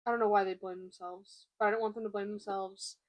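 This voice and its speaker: A young woman in a confessional vlog, speaking candidly and haltingly while holding back emotion. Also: mid-range voice, flat delivery. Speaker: vlogger. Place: room by a window, at home.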